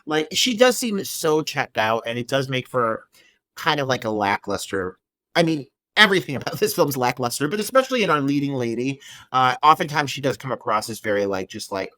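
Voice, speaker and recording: A man co-hosting a podcast, chatting casually about a film in an animated, profane way with frequent laughter. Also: medium pitch, a little fast, dry recording. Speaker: podcast co-host. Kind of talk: casual film review chat.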